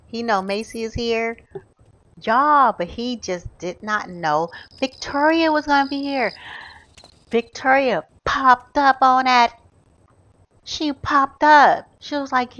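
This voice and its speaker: A woman giving animated, chatty commentary over her gameplay, often calling out to her viewers. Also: high voice, takes it slowly, lo-fi sound. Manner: animated, gasping, chatty, addresses viewers as y'all. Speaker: gaming YouTuber. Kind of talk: casual let's-play commentary.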